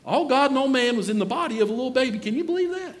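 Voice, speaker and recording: A man's voice: extremely high pitch, lively intonation, rapid-fire, big-room sound. A man preaching a sermon in a folksy way, calling out to members of the congregation by name.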